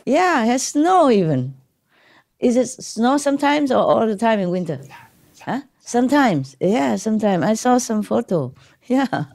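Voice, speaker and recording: A woman's voice: on the high side, sing-song, measured pace, vocal fry, darkish tone. A woman spiritual teacher giving an informal, rambling talk to her gathered disciples. She laughs often, keeps checking in with "okay?" and "right?", uses slightly non-native English grammar and slips into Chinese.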